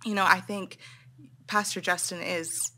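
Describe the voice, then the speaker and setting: A woman's voice: fairly low pitch, steady tone, a little slow, sharp tone. A young adult woman speaking earnestly in a casual chat, moved and restarting her sentences often. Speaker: interviewer.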